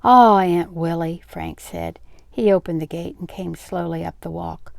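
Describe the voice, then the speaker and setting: An older woman reading a novel aloud, steady and unhurried in her storytelling. Her voice sits low with a gravelly texture. The sound is close and dry. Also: dry recording. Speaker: read-aloud host.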